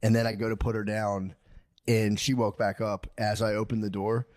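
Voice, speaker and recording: A man's voice: little pitch movement, moderate pace. A man in his thirties co-hosting a comedy podcast, chatting casually in a rambling, profane way. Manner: rambling, profane, swings into loud, high, laughing impressions of himself. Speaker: podcast co-host.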